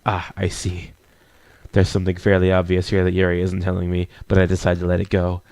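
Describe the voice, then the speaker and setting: Creaky-voiced man reading a visual novel. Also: low-pitched, completely flat delivery, a little mellow, dry recording. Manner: reads narration with quick asides. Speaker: let's player.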